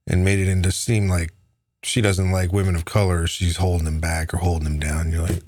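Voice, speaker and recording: A man's voice: deep voice, moderate pace, no room sound, clean studio sound. A man delivering an angry, profane political rant, heated and sneering. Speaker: political commentator.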